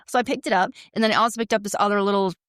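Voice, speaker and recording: A woman's voice: mid-range voice, very fast, dry recording, clean studio sound. A woman co-hosting a podcast, telling a story in a casual chat and acting out what people said. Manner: animated storyteller, acts out quotes. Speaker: podcast co-host.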